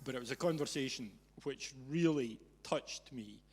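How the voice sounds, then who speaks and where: A man's voice: medium pitch, moderate pace, breathy edge. Teasing man in a reverberant hall. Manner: teasing, animated storyteller. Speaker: event host. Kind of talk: storytelling to a live audience. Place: event venue with an audience.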